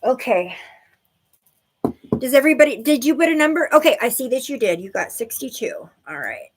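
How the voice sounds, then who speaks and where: A woman's voice: sits high, very animated, normal speed, slightly rough. A woman giving intuitive readings to viewers on a livestream, bubbly and giggly, full of "like" and "okay". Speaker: livestream psychic reader.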